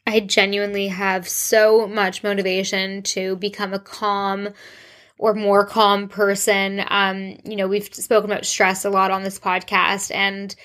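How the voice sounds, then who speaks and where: A woman's voice: medium pitch, monotone, measured pace, fairly bright tone. A young woman hosting her own podcast, giving a casual, gushing solo update with lots of rambling and "like". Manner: bubbly, gushing, rambling with frequent "like". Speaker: podcast host.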